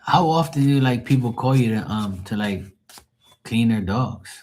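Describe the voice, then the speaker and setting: A man's voice: mid-range voice, lively intonation, measured pace, a little mellow. A man hosting a live tarot stream, chatting casually in a rambling, profane, joking way.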